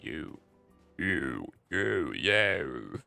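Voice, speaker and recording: A man imitating an old computer text-to-speech voice, in a slow, flat, robotic manner. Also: a bass voice, gravelly, dry recording, soft background music, voice pushed down, full character voice. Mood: glitching.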